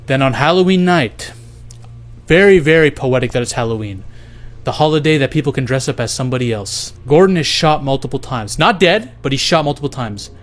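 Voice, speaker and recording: A young man with a slightly high voice loosely retells a speculative movie plot, swearing freely. He slips into paraphrased dialogue for each character along the way.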